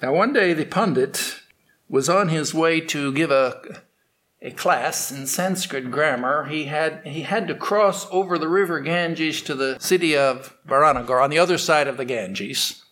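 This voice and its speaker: Man, storyteller, spoken unscripted, slightly high voice, drawn-out dramatic pauses. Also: fairly bright tone. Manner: unscripted, with restarts and fillers, dramatic pacing. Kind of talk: oral storytelling.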